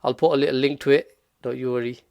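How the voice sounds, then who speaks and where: A man teaching Quranic pronunciation in a relaxed tutorial, patiently repeating sounds slowly. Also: mid-range voice, vocal fry, smooth, no room sound, studio quality. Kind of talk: relaxed tutorial, modelling Arabic phrases slowly.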